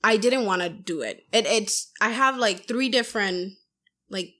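Young female podcaster, casual chat, animated storyteller who voices others' lines. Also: mid-range voice, a little slow. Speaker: podcast host.

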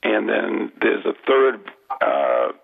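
A man hosting a casual radio chat about ghost hunting, talking in a rambling, halting way with many restarts. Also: fairly low pitch, very animated, gravelly. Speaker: paranormal investigator host. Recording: tinny phone-line radio audio.

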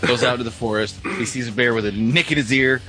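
A man's voice: mid-range voice, fast talker, over loud music. A man co-hosting a podcast, telling a long joke in a laid-back way. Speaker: podcast host. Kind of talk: casual podcast banter.

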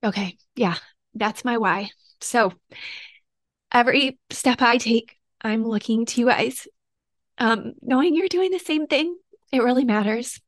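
A woman's voice: on the high side, unhurried, no room sound, studio quality. A woman in her thirties hosting her own podcast, talking casually and earnestly about her new book, with little laughs and asides. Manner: chatty, earnest, laughs and gets a little emotional. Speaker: podcast host and author. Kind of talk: casual solo podcast talk.

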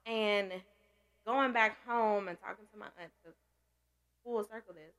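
Gravelly woman telling her story candidly. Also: mid-range voice, a little slow, a bit bright. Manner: candid, emotional, laughs through tears. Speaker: podcast guest sharing survival story. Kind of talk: casual personal storytelling.

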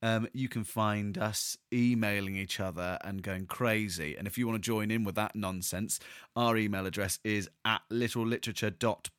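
A man's voice: lowish voice, fairly even intonation, moderate pace, a bit bright, clean tone, no room sound, clean studio sound. A man co-hosting a casual podcast, running a quiz and joking around. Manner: teasing, jokey quizmaster. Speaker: podcast co-host.

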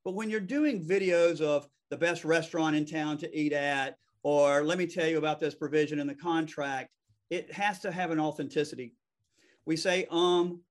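A man with a Southern US accent, a fast-talking real estate attorney chatting as a guest over a video call. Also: fairly high pitch. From American South. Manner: fast-talking, self-deprecating. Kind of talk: casual interview chat.

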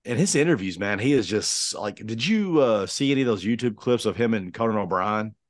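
A man's voice: on the low side, lively intonation, brisk, no echo. A man in his forties co-hosting a podcast in casual chat, rambling with many fillers and restarts. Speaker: podcast co-host.

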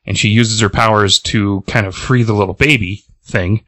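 A man's voice: on the low side, steady tone, normal speed, fairly bright tone, dry recording. A man cohosting a podcast, casually recapping a comic plot, rambling with fillers and chuckles.

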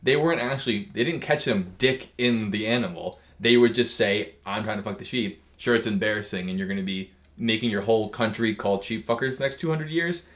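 A man's voice: fairly low pitch, fairly quick, few pauses, a bit bright. A man co-hosting a casual podcast, cracking crude jokes and spinning long asides. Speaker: podcast co-host.

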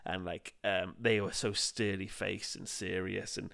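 A man's voice: deep voice, little pitch movement, measured pace, creaky, fairly bright tone. A man, co-hosting a podcast and telling an anecdote in casual chat, laughing often and acting out what people said. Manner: laughs often, acts out quotes in other voices. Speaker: podcast co-host.

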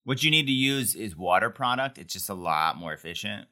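A man's voice: lowish voice, expressive, brisk, sharp tone. A man co-hosting a podcast, recapping a TV episode in casual, wry, joking chat.

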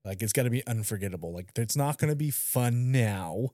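A man's voice: medium pitch, fairly quick, dry recording, studio quality. A young adult man co-hosting a podcast, telling rowdy stories in casual chat, swearing and acting out what people said. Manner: animated storyteller, swearing, acting out quotes. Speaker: podcast co-host.

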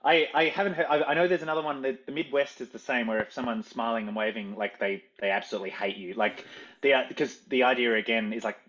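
A man's voice: medium pitch, fast talker, fairly bright tone, lo-fi sound. A man with an Australian accent, talking as a guest in a casual interview, chatty and often restarting his sentences with "like". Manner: chatty, self-correcting, frequent "like" fillers.

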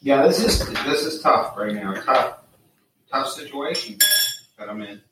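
A man's voice: medium pitch, a little slow, reverberant, noisy background. A man hosting a podcast, chatting casually in a profane, wired way, jittery from coffee, often trailing off to a mutter. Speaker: podcast host and chef. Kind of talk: casual banter.

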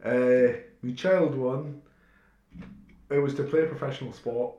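A man's voice: mid-range voice, fairly even intonation, a little slow, dark tone, muffled recording. Laid-back young man. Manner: laid-back, dry quips. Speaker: podcast co-host. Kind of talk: casual chat. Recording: echoey room with faint noise.

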